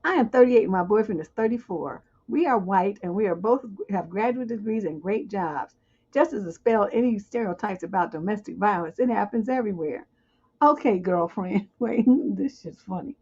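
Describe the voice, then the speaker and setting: A woman's voice: medium pitch, expressive, brisk, a little mellow, slightly rough, muffled recording. A woman hosting a livestream advice show, reading viewer questions aloud and answering them with blunt, joking frankness. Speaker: relationship advice host.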